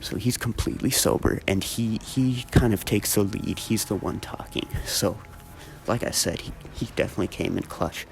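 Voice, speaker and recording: A man's voice: lowish voice, normal speed, gravelly, noisy background. A young man telling a rambling story in a casual way, swearing a lot and using many fillers.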